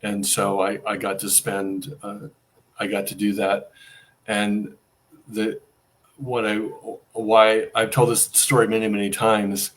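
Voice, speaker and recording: A man's voice: on the low side, flat delivery, slow pace, a bit bright. A middle-aged man telling a personal story as an interview guest, acting out the dialogue he quotes.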